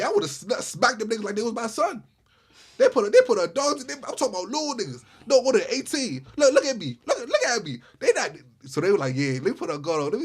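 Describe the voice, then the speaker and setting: A man telling a true story in a casual storytime vlog, animated, with lots of repeated starts like "I said, I said". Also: high-pitched, husky. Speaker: storyteller vlogger.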